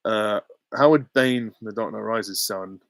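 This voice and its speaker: A man's voice: fairly low pitch, unhurried, creaky, a bit bright, dry recording, studio quality. A young adult man hosting a casual live Q&A, reading out chat questions and giving short, offhand, easygoing answers. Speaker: channel host.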